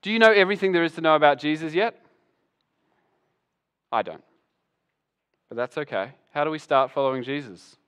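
Male pastor, fairly high, resonant voice, animated storytelling sermon. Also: brisk, pauses often, clear, resonant tone. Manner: animated storyteller, acts out the voices of Bible figures.

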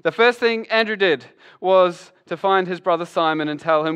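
A man preaching a sermon as pastor, animated and acting out the voices of Bible figures. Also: sits high, normal speed, clear, resonant tone.

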